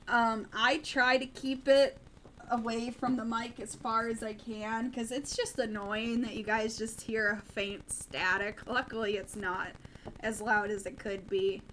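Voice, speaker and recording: A woman's voice: a little high, flat delivery, measured pace, a bit bright, a little hiss or hum, rough recording. Chatty Midwestern woman livestreamer. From American Midwest. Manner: chatty, rambling with many ums and restarts. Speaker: livestream news host. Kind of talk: casual late-night livestream chat.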